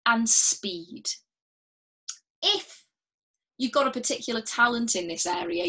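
A woman's voice: fairly high pitch, fairly bright tone. Woman giving patient drama instructions. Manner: clear, patient, step-by-step instructions, often repeating key words; encouraging and reassuring toward learners at home. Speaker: drama workshop leader. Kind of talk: recorded instructional drama lesson.

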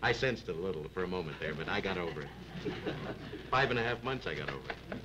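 A man's voice: lively intonation, fast talker, dull audio. A man who is a comedian at a press interview, wry and teasing as he tells a joking anecdote. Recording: noisy 1960s archive recording with rumble.

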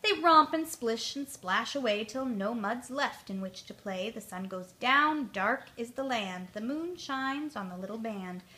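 A woman reading a rhyming children's picture book aloud, lively and voicing the characters. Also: on the high side, unhurried, hardly any pauses. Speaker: storyteller.

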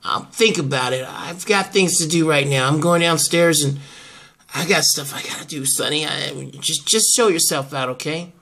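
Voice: medium pitch, moderate pace, gravelly, pushed and bright. A performer voicing a hesitant, defensive woman keeping a secret, in amateur soap-opera acting.

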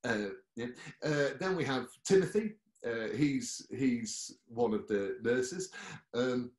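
A British man, a solo comic and performer, explaining his show in a relaxed, rambling way with frequent ums. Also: mid-range voice, takes it slowly. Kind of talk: casual talkback explaining a show. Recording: echoey room.

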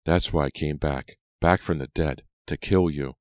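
A man's voice: extremely low pitch, normal speed, darkish tone, no echo, studio quality. A man voicing a vengeful teenage girl who taunts coldly in an audiobook reading. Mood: cold, taunting. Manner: taunting, cold.

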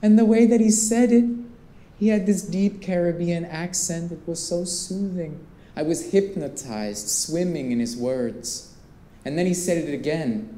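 A man performing a spoken monologue before live visitors, pitch leaping between hushed asides and excited bursts. His voice is very dark and mellow, and the room adds a clear echo. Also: moderate pace, slight background noise. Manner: animated, with big swings between hushed and excited. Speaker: performance artist. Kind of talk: theatrical storytelling monologue. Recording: roomy echo.

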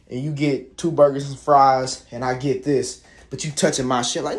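A man's voice: mid-range voice, steady tone, normal speed, few pauses. A young man venting in a casual, rambling monologue, swearing freely and sounding fed up. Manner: profane, rambling, exasperated. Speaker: vlogger.

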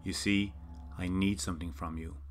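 Raspy hell creature, male, deep and low, crooning and menacing, read by a man. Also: flat delivery, moderate pace, soft background music, lightly acted. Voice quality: raspy, dry, parched. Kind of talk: horror story reading.

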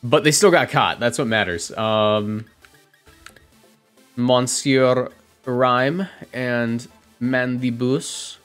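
Male streamer, mid-pitched, casual play-by-play of his own games, faint music behind. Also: drawn-out words, long pauses, clear, resonant tone. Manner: chatty, self-correcting, reacts out loud. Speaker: competitive game commentator. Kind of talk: casual gameplay commentary.

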